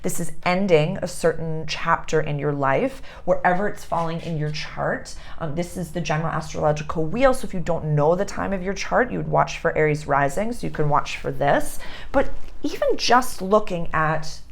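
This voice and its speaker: A woman's voice: sits low, animated, moderate pace, vocal fry. A young adult woman astrologer giving a casual lesson, chatty and repeating her phrases.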